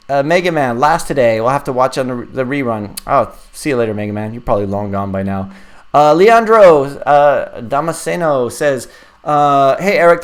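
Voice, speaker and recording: A man in his forties hosting a casual live stream, rambling and laughing as he reads out viewer questions. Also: medium pitch. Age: 40s. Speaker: live stream host and app developer.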